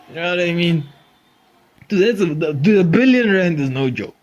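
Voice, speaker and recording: Speaking at a normal pace in a slightly high register, this podcast host delivers a comedic monologue. He riffs with energy, curses without restraint, and laughs a lot.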